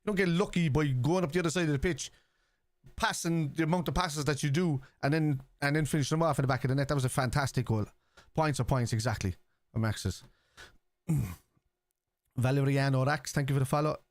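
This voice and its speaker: A man's voice: a little high, brisk, no echo. Chatty Scouse man hosting a live stream. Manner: chatty, reads chat aloud and answers it. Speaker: streamer hosting a football watchalong. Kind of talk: live stream chat with viewers.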